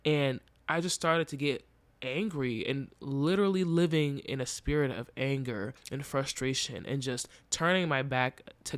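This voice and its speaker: A young podcast host gives a candid, earnest monologue that is reflective and emotionally open. His voice is mid-range, and there's no echo.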